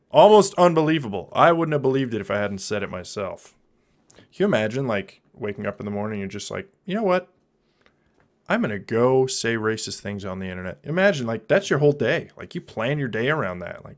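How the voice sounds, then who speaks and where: A man in his thirties giving goofy, joking commentary on a live stream while playing a drawing game. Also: mid-range voice. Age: 30s. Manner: goofy, jokey, with sudden loud silly outbursts.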